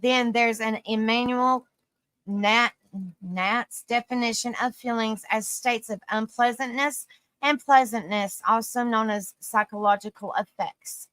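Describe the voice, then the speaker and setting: Tired, bright-voiced woman live streamer. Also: fairly high pitch, fairly even intonation, a little slow, clear, resonant tone, no room sound. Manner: affectionate toward viewers, calls them sweetie and honey; stumbles over hard words and laughs at herself. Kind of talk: reading an article aloud to a live chat.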